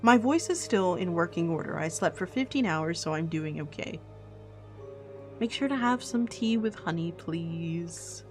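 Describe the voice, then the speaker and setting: A woman's voice: fairly low pitch, animated, unhurried, faint music behind. A woman voice actress streaming a game, chatting playfully and reading its dialogue aloud. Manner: playful, chatty, with fillers and restarts.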